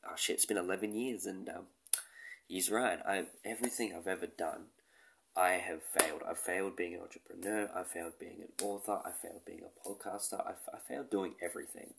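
Low gravelly self-mocking man. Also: steady tone, brisk, a bit bright, slight background noise. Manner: self-deprecating, swears often. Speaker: podcast host. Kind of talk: casual rambling monologue.

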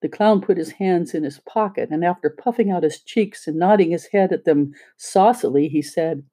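An audiobook reader narrating a children's story in a steady, plain way. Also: mid-range voice, moderate pace.

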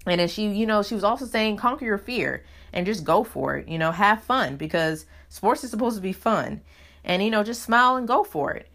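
A woman's voice: medium pitch, expressive, brisk, a bit bright. A woman hosting a solo podcast in a casual, chatty way, leaning often on "you know" as she talks. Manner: chatty, heavy use of "you know" fillers. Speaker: podcast host.

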